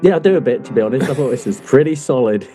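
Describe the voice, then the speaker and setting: Male host, teasing banter, animated pitch, warm dark tone. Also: racing, soft background music. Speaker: podcast host. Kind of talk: casual chat.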